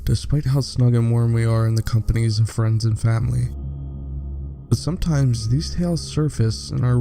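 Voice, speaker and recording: A man's voice: medium pitch, gravelly, mellow. Theatrical man narrating horror stories. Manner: theatrical, slow dramatic pauses. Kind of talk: scripted narration.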